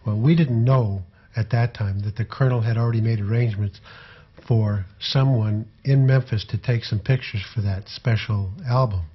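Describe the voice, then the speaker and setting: Husky-voiced older man telling old stories. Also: fairly low pitch, fairly even intonation, highs cut off. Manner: unhurried, rambling recollection with frequent fillers. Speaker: tour photographer recalling memories. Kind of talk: conversational anecdotal storytelling.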